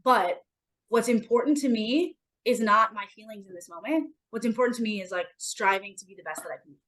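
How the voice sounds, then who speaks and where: A woman's voice: fairly high pitch, brisk, fairly bright tone, poor audio. A woman co-hosting a casual podcast chat, talking in an emphatic, motivational way and swearing casually. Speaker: podcast co-host.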